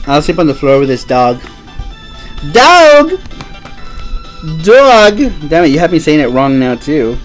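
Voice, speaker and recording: A playful host on a casual live stream, teasing a co-host and bouncing from one topic to the next. The talk is loose and jokey. Faint music sits quietly behind the voice. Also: mid-range voice, fast, hardly any pauses, poor audio.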